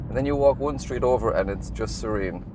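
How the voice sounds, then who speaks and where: A man's voice: medium pitch, fairly quick. A man with an Irish accent, a comedian, chatting in a car with a dry, rambling, self-deprecating manner. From Ireland. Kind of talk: casual chat in a car. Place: inside a car. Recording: noisy car interior.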